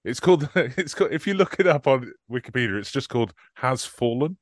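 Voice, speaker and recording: A man's voice: medium pitch, expressive, fairly quick, no echo, studio quality. A man co-hosting a film podcast from home, chatting casually and laughing often as he rattles off titles. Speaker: podcast co-host. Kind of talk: casual film-review chat. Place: remote recording, apart from co-host.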